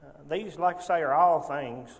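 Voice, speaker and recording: A man leads an informal Sunday Bible class in a slightly higher voice, pausing and restarting often and closing points with rhetorical tag questions. His voice carries a long reverb in a church classroom.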